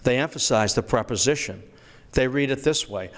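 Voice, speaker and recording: A man giving a public history lecture in a storytelling manner, slowing down to recite quotations. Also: medium pitch, fairly bright tone. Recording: echoey hall.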